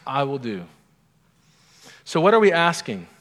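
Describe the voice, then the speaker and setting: A man's voice: medium pitch, big pitch swings, a little fast, pauses often, a bit bright. A man preaching a sermon in a conversational way, putting many questions to his listeners. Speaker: pastor. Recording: long hall reverb.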